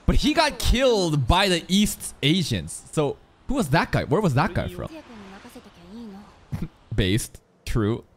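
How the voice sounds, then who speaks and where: A man talks back at an anime episode as he watches it live, commenting casually, laughing a lot and swearing with excitement. His voice sits on the high side and he speaks slowly.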